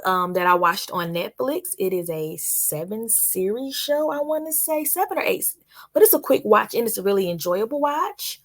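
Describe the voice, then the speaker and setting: Woman reviewer, young adult, casual and chatty, mid-pitched voice, talks right at the audience. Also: a little fast. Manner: chatty, addresses viewers directly. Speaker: TV series reviewer.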